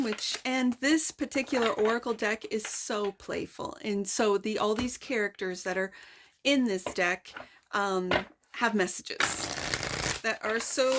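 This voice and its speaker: A woman giving a chatty, playful tarot reading, exclaiming over the cards and sometimes dropping to a soft near-whisper. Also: on the high side, slight background noise. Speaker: tarot reader.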